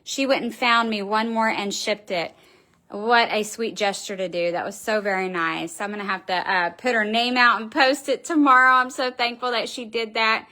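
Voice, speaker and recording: Bright, gushing woman on a live stream. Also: fairly high pitch, fairly even intonation, moderate pace. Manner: gushing, chatty, reads out viewer comments. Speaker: wreath shop owner hosting a live stream. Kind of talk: casual live-stream chat with viewers.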